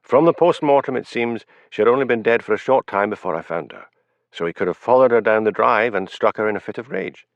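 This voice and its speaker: A male audiobook narrator voicing a wry, stubborn Highland police sergeant with a Scottish accent and a dry, sarcastic manner. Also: brisk, vocal fry, dry recording, dull audio. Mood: musing.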